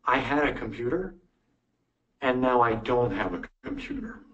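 A man's voice: mid-range voice, very animated, normal speed, a bit bright, highs cut off. An actor playing an earnest, frustrated male robbery victim in a comedy sketch. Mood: indignant. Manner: earnest, increasingly indignant.

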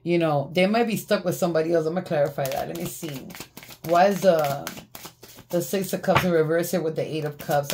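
A woman with a fairly low voice talks through a tarot spread in a loose, casual monologue. She is blunt and swears freely, laughing at what she sees in the cards. A faint hiss sits under her voice. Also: brisk. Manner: blunt, profane and laughing often. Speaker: tarot reader. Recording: faint background noise.

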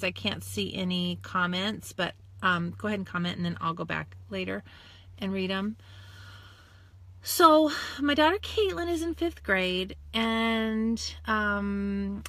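A woman in her forties talks straight into her phone from a parked car, gushing and close to tears as she chats with her live viewers. Her voice is bright and forceful, and the sound is dry and close with no room echo. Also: mid-range voice. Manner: tearful, gushing and animated. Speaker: direct sales team leader. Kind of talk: emotional live video chat. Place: in a car in a parking lot.

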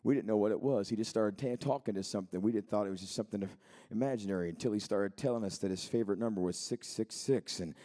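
A man in his thirties preaching a sermon in a church, moving between quiet storytelling and shouted, fervent preaching. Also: on the low side, quick pace, few pauses. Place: church sanctuary.

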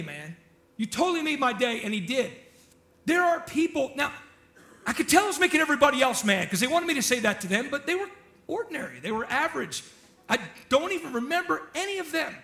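A man's voice: very high-pitched, expressive, fast, gravelly, sharp tone. A male pastor giving a casual sermon, chatty and joking, often asking the congregation questions.

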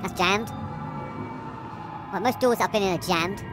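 A woman's voice: medium pitch, normal speed. A woman giving let's play commentary while playing a horror game, panicky, swearing constantly and laughing nervously, with game music behind her.

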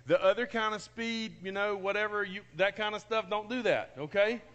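A high-voiced man preaches to his church congregation. He talks with excitement and emotion, saying key phrases twice over for emphasis. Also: moderate pace, dull audio. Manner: enthusiastic, emotional, repeats phrases. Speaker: pastor. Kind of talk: sermon. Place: church sanctuary.

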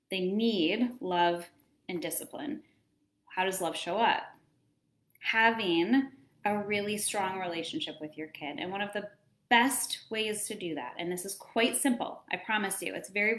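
A woman in her thirties talks through parenting advice in a relaxed, chatty way. Her pitch is mid-range, and she acts out little moments as she goes. The room around her gives the voice a clear echo. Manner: chatty, animated, acts out scenes. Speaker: wellness coach. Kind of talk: casual advice talk.

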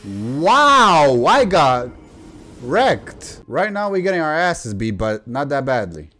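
A man giving excitable let's play commentary, swearing and ranting at the game. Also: medium pitch, a little slow. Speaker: gaming youtuber. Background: faint game music.

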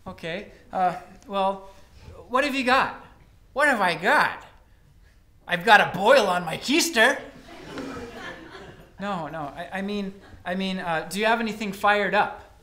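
A man's voice: sits high, expressive, measured pace, long pauses, pushed and bright, exaggerated voice. A man doing a fumbling naive traveler. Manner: hesitant, fumbling words. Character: naive hungry male traveler, clumsy and literal. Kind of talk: live comic storytelling. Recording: roomy live stage sound.

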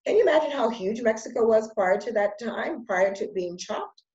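A woman's voice: on the high side, expressive, fairly quick, a little mellow, reverberant, highs cut off. A woman hosting a conversational interview, chatting, affirming and explaining. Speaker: host.

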